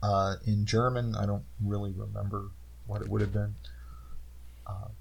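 Gravelly, husky-voiced man talking films. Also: lowish voice, moderate pace. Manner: relaxed, explains phrases, laughs often. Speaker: podcast co-host. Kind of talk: casual film discussion.

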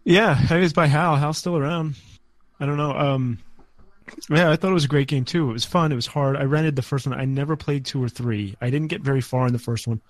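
A man's voice: fairly high pitch, brisk, no echo. Brief: male co-host, dry close mic, laid-back and a little hesitant. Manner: easygoing, hesitant, short agreements. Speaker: podcast co-host. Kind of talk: casual podcast chat.

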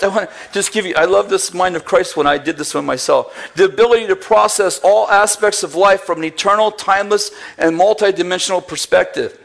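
A man's voice: sits high, a little fast, creaky, few pauses, fairly bright tone. A man preaching a sermon, telling a story with acted-out dialogue and bursts of laughter. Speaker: pastor.

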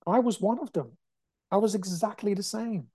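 A woman's voice: mid-range voice, moderate pace, dark tone, husky, no echo. Blunt, profane woman ranting. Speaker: podcast host. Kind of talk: motivational podcast monologue.

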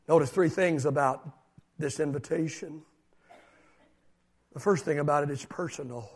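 An older man preaching a sermon as pastor, repeating phrases emphatically and swinging from shouts down to hushed asides. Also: on the high side, animated, normal speed, pauses often, slightly rough.

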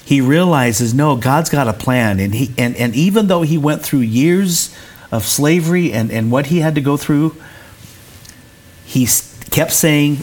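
A man's voice: a little high, normal speed. A middle-aged man, a recovery center director and pastor, speaking as an interview guest in an earnest, preacherly way and often repeating words as he searches.

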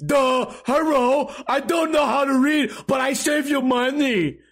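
A dim-witted male door-to-door salesman, as a comedian puts him on, speaking slowly and dopily in a loud voice pitched well above his usual one. The tone is bright and pushy, as if every word were a brilliant pitch. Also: full character voice. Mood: dopey. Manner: slow, dopey, loud.

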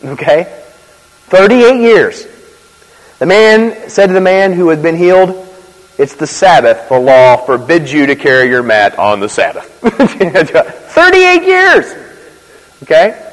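A man preaching a sermon in a conversational, animated way, with asides and quick laughs. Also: fairly high pitch. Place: church. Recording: reverberant hall.

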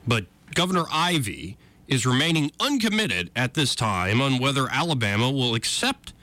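Man, talk radio host, lively swooping delivery, bright forceful tone, sarcastic. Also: mid-range voice, normal speed, no echo. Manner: sarcastic, animated, conversational. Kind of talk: casual political talk radio.

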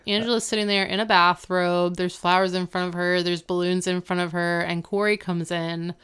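A woman's voice: on the low side, level tone, normal speed, a bit bright, smooth. A woman in casual chat, recapping a TV episode with lots of "like" and acting out the characters' lines. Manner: chatty, peppered with "like", acts out the characters' lines.

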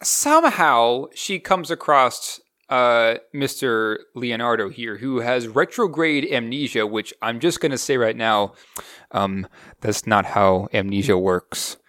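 Animated young man reviewing a movie. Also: mid-range voice, unhurried. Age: young adult. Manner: animated, rambling, critical. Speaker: movie review podcast co-host. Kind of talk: casual movie review chat.

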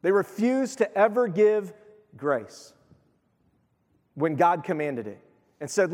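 A man preaching a sermon as pastor, in a lively, conversational way, acting out the voices of the people he quotes. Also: sits high, slow pace, pauses often. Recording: long hall reverb.

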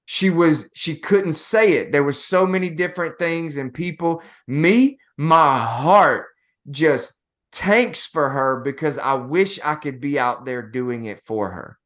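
A man co-hosting a motivational podcast talks slowly and tells a story about his family. His voice sits a little higher than most men's. He speaks casually and keeps calling his co-host "bro". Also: a bit bright.

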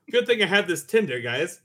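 A man's voice: high-pitched, sing-song, measured pace, a bit bright. A man playing in a tabletop game, joking and laughing. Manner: playful, laughing. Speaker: player.

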